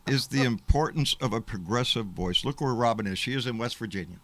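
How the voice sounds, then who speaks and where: A man's voice: mid-range voice, fairly quick, a bit bright, a little hiss or hum. A man hosting a live political stream, talking casually in an emphatic, rambling way and swearing freely. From Texas. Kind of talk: casual livestream talk.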